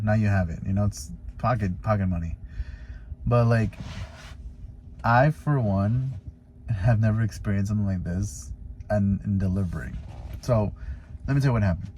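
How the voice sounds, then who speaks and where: A man with a fairly low voice tells a story in a relaxed, rambling vlog, packing his sentences with "you know" and "like". A faint hiss of background noise sits under his voice. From Florida. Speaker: stay-at-home dad and delivery driver.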